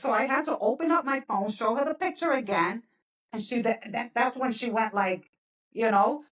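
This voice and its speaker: Woman guest telling a story all animated, acts out the lines, mic kinda far. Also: a little high, fairly quick.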